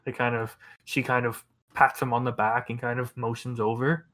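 A man's voice: medium pitch, little pitch movement, normal speed, a bit bright. A man runs a tabletop game, narrating loosely with plenty of fillers and restarts. His voice sits in a plain middle register. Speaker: game master.

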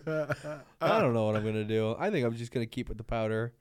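A man co-hosting a comedy podcast, rambling through absurd bits with halting fillers and a deadpan tone. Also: medium pitch, smooth, dry recording. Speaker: podcast co-host. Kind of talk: casual comedic chat.

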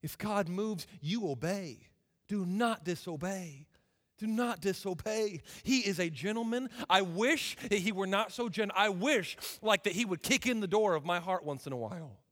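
A man preaching a sermon as a guest preacher, impassioned and swinging from loud declarations to hushed, intimate asides. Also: high-pitched, animated, moderate pace. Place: church sanctuary. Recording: reverberant church hall.

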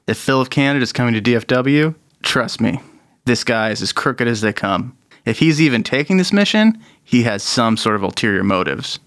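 A man's voice: medium pitch, lively intonation, moderate pace, a bit bright, no echo, studio quality. A man voicing a laid-back, cool retired male diver who is wary of trouble.

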